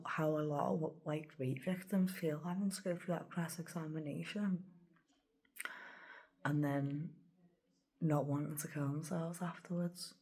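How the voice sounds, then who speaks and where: A woman's voice: deep voice, vocal fry, warm tone, husky. A woman telling a personal story in a rambling, emotional vlog, often dropping to a whisper. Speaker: vlogger.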